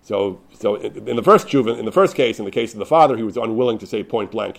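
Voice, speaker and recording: A man's voice: on the low side, fast talker, vocal fry, hardly any pauses. A man teaching through a story, explaining religious law, often repeating words as he goes. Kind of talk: storytelling lesson.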